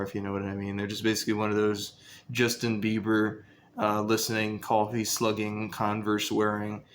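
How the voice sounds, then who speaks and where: A man's voice: on the low side, a bit bright, a little hiss or hum. A young man casually telling a story about his school days, rambling and profane, with lots of fillers.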